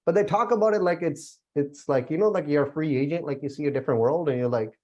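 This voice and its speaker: A man's voice: on the high side, fast talker, muffled recording. A young man leading a casual religious study class, talking loosely with lots of fillers and easy laughs. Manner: relaxed, chatty, many fillers and laughs. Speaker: Gurbani class teacher. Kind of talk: casual spiritual class talk.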